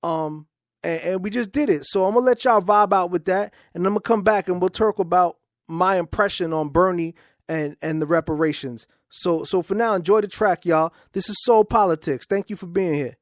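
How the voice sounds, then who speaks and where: A man's voice: high-pitched, moderate pace, dry recording, clean studio sound. A man hosting his own talk show, speaking in a casual, informal way and often repeating words as he starts a thought. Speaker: podcast host. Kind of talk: casual political monologue.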